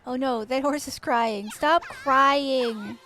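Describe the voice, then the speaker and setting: A woman chats casually on a live stream, her voice pitched high. She teases and coos at the horses in her game and swears at them now and then. Faint music plays underneath. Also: slow pace, sharp tone. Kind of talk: casual live-stream chat while gaming.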